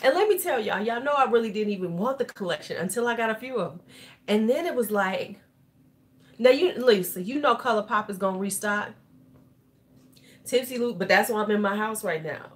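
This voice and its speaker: Slightly tipsy woman chatting on a makeup livestream, loose and loud, cusses a lot. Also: mid-range voice, animated, fairly quick. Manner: tipsy, loud and chatty, swears freely, laughs often. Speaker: beauty YouTuber. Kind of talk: casual livestream chat.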